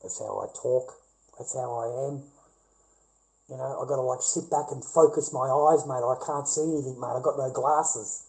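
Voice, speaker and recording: A man's voice: mid-range voice, steady tone, moderate pace, vocal fry, a little mellow, low-quality recording. An Australian man in a rambling casual livestream chat with viewers, blunt and profane, ranting and laughing things off, speaking into a webcam in front of his screen.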